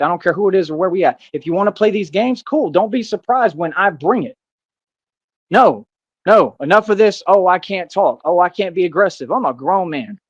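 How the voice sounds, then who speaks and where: A man's voice: sits high, no room sound, highs cut off. A man delivering an angry, defiant monologue to the camera, agitated and repeating himself as he rants. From United States.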